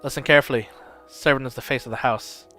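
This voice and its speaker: A man playing a gruff loud old nobleman. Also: mid-range voice, steady tone, fast, faint music behind, lightly acted. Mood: stern. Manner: blustery, barking, swears often.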